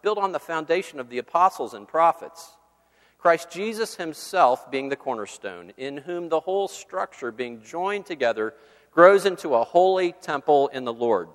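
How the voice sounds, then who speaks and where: A man's voice: a little high, animated. Man preaching in a reverberant hall. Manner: earnest, measured Bible reading and prayer. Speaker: campus minister. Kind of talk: sermon.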